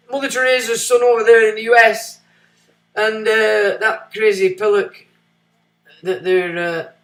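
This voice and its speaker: A man hosting a livestream, giving blunt, sarcastic commentary that swings from muttering to loud. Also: sits high, echoey room. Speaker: livestream host.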